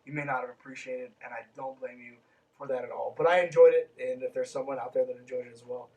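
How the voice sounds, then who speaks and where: A man's voice: medium pitch, fairly even intonation, fast, darkish tone, recorded from a distance, rough recording. A man hosting a podcast, reading a book aloud and breaking off into snarky, sarcastic commentary with plenty of swearing.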